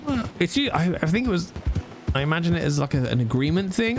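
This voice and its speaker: A man's voice: fairly high pitch, very animated, fairly quick, noisy background. A man streaming a role-play game, chatting casually and jokily with lots of swearing. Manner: rambling, jokey, swears a lot. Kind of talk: casual gaming stream commentary.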